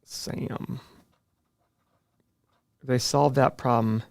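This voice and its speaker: A man's voice: mid-range voice, fairly even intonation, extremely slow, gravelly, no echo, clean studio sound. A middle-aged man hosting a casual livestream, answering viewer questions with jokes and self-deprecating asides.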